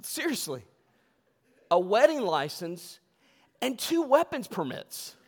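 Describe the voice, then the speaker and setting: A man preaching a sermon as pastor, telling stories and swinging between loud bursts and hushed, quiet lines. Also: sits high, sing-song, takes it slowly. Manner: storytelling, swings from loud outbursts to hushed tones. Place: church sanctuary. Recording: long reverb of a church hall.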